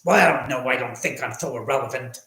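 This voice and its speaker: A man's voice: medium pitch, fast, bright, forceful tone, echoey room, natural voice. A man putting on the voice of a pompous, insulting, rotund male celebrity interviewer, haughty and indignant.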